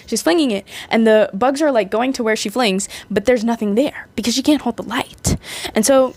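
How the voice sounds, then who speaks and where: A woman's voice: on the high side, moderate pace, a little mellow, no room sound. A young woman casually recapping a movie, chatty and rambling, with frequent restarts and playful asides.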